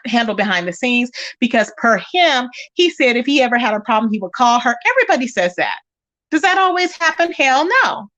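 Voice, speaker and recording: A woman hosting a casual online chat. She talks in a sassy, animated way and calls her listeners child and baby. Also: fairly high pitch. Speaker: YouTube commentary host. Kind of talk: casual chat to a live audience.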